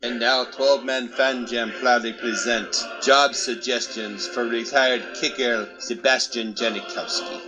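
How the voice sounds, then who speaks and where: A man's voice: mid-range voice, fairly even intonation, measured pace, hardly any pauses, pitched below the performer's own voice, natural voice, low-quality recording. A man putting on a fake Polish-Russian accent as a pompous male announcer, with music behind. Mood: grandly formal. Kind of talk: mock announcement over music.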